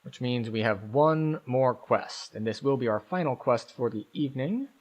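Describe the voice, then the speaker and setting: Game streamer, male, mid-pitched, easygoing running commentary that explains each move. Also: expressive, moderate pace. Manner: thinks aloud, explains game mechanics at an easy pace. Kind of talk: casual gameplay commentary.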